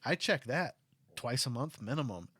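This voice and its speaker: A man in casual conversation, telling an animated story with lots of filler words, recorded at home. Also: mid-range voice, moderate pace, breathy edge, dry recording. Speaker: co-host. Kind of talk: casual chat.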